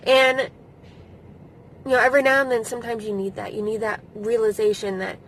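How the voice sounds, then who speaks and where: A woman's voice: fairly high pitch, flat delivery, a little fast, slight background noise, poor audio. A woman in her thirties giving casual advice to camera in a vlog, blunt, emphatic and freely swearing. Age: 30s. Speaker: vlogger.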